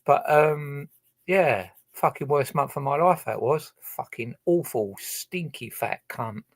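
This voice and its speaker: A man's voice: on the high side, takes it slowly, no echo. A man chatting casually on his livestream, rambling and hesitant, swearing heavily as he talks. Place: his own boat.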